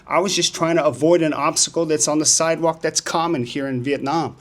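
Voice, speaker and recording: A man in his sixties tells stories in a casual vlog, animated and acting out the dialogue. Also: fairly quick. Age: 60s. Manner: animated, acts out dialogue with rising pitch. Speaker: vlogger. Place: outdoors on a sunny street.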